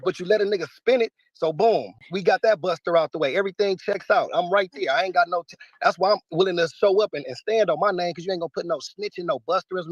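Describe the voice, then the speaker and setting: A man's voice: high-pitched, no echo, muffled recording. A man speaking in a heated interview, combative, emphatic and profane. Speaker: battle rapper interviewee.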